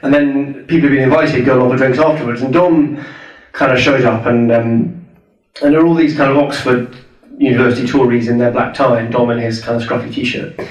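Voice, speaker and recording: A man's voice: medium pitch, fairly even intonation, fairly quick, highs cut off. Scottish-born guy chatting through a rally talk, far from the mic, big echoey room. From Scotland. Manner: thoughtful, conversational, many restarts and "you know"s. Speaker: guest speaker. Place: hall at a public event.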